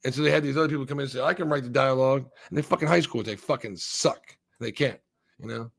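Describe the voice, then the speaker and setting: A man's voice: medium pitch, fast, vocal fry. A man co-hosting a live stream, ranting casually with lots of swearing and restarts. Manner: profane, rambling rant with many restarts. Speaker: stream co-host.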